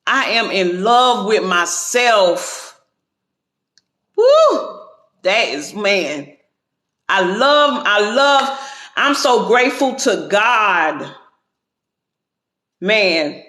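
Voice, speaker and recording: A high, bright-voiced man talks into his phone on a casual livestream. He is chatty and encouraging and keeps calling on his viewers. His talk is full of faith, and the room around him rings with echo. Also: lively intonation, very slow. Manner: sprinkles talk with faith and praise. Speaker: livestream host. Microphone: phone, going live.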